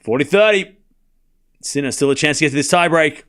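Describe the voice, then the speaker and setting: Man, high-pitched voice, live tennis stream commentary, casual, chatty with viewers, late night. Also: fairly bright tone. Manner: chatty, banters with viewers, quick score calls. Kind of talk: casual play-by-play commentary and chat replies.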